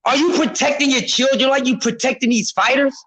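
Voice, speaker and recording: Man streamer, very high bright voice, heated profane boxing rant, shouts a lot. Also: steady tone, brisk, rough recording. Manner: loud, profane, repetitive, often shouting; speaks to a chat member by name.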